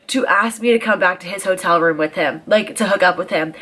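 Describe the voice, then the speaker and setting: Speaking at normal speed with few pauses, this twenty-something woman vlogger uses a medium-pitched voice to tell a story casually. Her delivery is animated, full of swearing, and heavy on dramatic emphasis.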